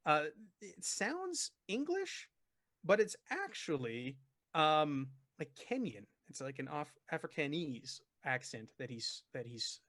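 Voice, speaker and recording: Game master guy narrating a tabletop game, lively, stumbles over words, dry sound. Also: on the high side, dry recording. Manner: animated, stumbling restarts.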